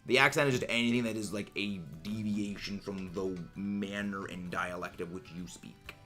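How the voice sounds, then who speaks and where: A man's voice: fairly low pitch, steady tone, moderate pace, pushed and bright, soft background music. A man livestreaming, chatting casually with his viewers in a rambling, musing way full of fillers and restarts. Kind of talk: casual chat while gaming.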